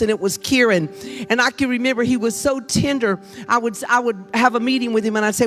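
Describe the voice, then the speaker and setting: An older woman preaching a Mother's Day sermon in church, humorous and lively, calling on the congregation to answer back. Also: a little high, fast, faint music behind. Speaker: guest preacher. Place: church sanctuary.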